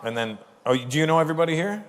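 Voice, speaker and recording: Male stand-up comic, teasing crowd work, bright tone, live hall reverb. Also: fairly high pitch, lively intonation, rapid-fire, slight background noise. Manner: teasing, chatty, swearing. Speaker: stand-up comedian.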